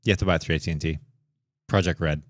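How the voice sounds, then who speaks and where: A man's voice: rumbling low, fairly even intonation, rapid-fire, dry recording, studio quality. A young man co-hosting a casual podcast, swearing freely and rambling through a story. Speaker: podcast co-host. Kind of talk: crude casual banter.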